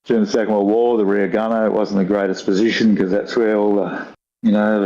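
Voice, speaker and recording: A man's voice: on the low side, darkish tone, muffled recording. An older man from Australia with a broad rural Australian accent, telling rambling stories with dry humour in a casual chat. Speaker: guest.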